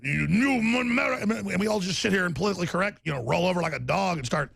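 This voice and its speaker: A man hosting a talk show, ranting angrily and sometimes shouting, with sarcastic asides. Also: sits high, animated, rapid-fire, creaky, slightly rough, dry recording. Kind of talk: heated talk radio rant.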